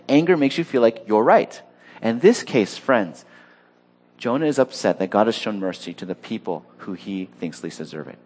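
A male pastor delivering a sermon to his congregation. His voice sits mid-range in pitch but moves a great deal, rising and falling as he talks. He slips into quoted voices and doubles back on words as he goes. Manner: animated, acts out quoted voices, repeats words.

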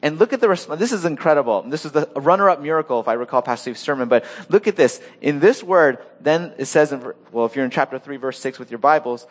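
A man preaching a sermon, animated, acting out the story's characters with sudden rises in pitch. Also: fast, few pauses. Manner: animated, acts out quoted voices with rising pitch. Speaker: pastor.

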